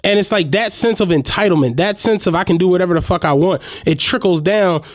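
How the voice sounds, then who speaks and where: A man's voice: high voice, brisk, no room sound, studio quality. A man co-hosting a podcast, telling stories in a casual chat and acting out the voices of the people in them. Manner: animated, acts out voices in his stories. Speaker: podcast co-host.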